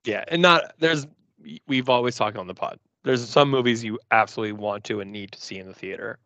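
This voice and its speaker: A man with a bright, forceful voice co-hosts a podcast, speaking bluntly and offhandedly about films. The sound is dry and dull, with a lo-fi edge. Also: medium pitch, a little fast, no echo. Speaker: podcast co-host. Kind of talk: casual movie review chat.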